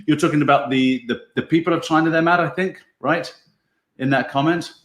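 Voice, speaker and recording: A man's voice: a little high, steady tone, a little fast, fairly bright tone, echoey room. A man hosting a casual online show, musing over viewer comments in an easygoing way and chuckling often. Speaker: podcast host.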